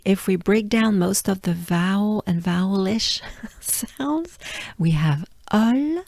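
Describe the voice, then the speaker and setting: A woman from France with a French accent, patiently teaching pronunciation, repeating each word and sometimes dropping to a soft breathy voice to demonstrate. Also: fairly low pitch, dry recording. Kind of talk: slow, patient pronunciation lesson.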